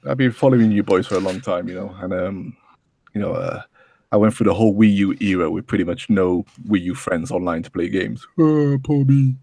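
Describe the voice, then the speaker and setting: A man's voice: deep voice, a little fast, gravelly, a little mellow, breathy edge, no echo. A man appearing as a podcast guest, chatting casually and rambling with lots of "you know". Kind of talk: casual chat.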